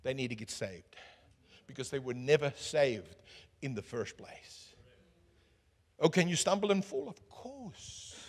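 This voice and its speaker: A man preaching a sermon as pastor, swinging from booming calls to hushed asides and asking the crowd questions. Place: church hall. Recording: echoey church hall.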